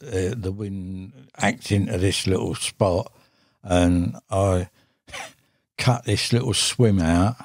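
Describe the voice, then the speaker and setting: A man's voice: low-pitched, a little mellow, no room sound. An older English man telling a fishing story in a rambling, casual way, swearing often and laughing as he goes, on a studio mic. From England. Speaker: guest angler. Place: podcast studio.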